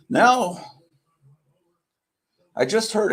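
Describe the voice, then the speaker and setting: Creaky, husky-voiced man rambling on a stream. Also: medium pitch, expressive, normal speed. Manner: meandering, wry, self-deprecating. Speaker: live stream host. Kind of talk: casual rambling live stream chat. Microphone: computer microphone.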